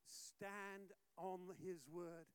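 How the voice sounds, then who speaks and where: A male pastor preaches with energy, pushing some lines out loudly and dropping others to a near hush. His voice sits very high and comes across smooth and resonant. The sound is dry and close. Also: drawn-out words, dry recording. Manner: animated storytelling, swinging from loud exhortation to hushed. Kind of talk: sermon.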